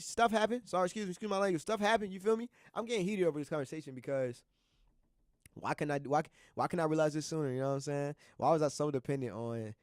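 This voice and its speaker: A young college student hosting a radio show, talking casually and earnestly, rambling and repeating himself with slang. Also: male voice, on the high side, darkish tone, no room sound, studio quality. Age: young adult. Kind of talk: casual motivational monologue.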